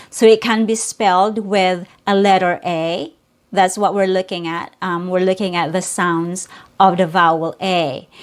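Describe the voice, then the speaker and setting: A woman leads a pronunciation lesson at an unhurried pace. She demonstrates each vowel clearly and repeats every example word. Her voice sits at a middle pitch. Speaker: pronunciation teacher. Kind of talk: slow, careful pronunciation lesson.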